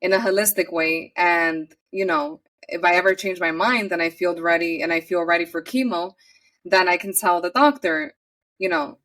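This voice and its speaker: A woman's voice: fairly low pitch, moderate pace, a bit bright, distant mic. A woman from New York City, a podcast guest telling her personal story in an earnest, chatty way and often acting out her own past words.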